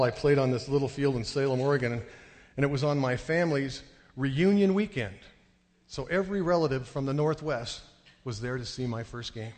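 A man preaching a sermon to a congregation, telling a story with animated, excited delivery. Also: medium pitch. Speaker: pastor. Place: church sanctuary. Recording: long hall reverb.

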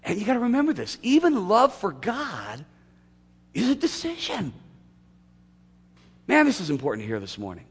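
A man preaching a sermon to his church, swinging from loud emphatic peaks to quiet asides. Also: sits high, huge pitch swings, normal speed, pauses often, breathy edge. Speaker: pastor. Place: church sanctuary. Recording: long hall reverb.

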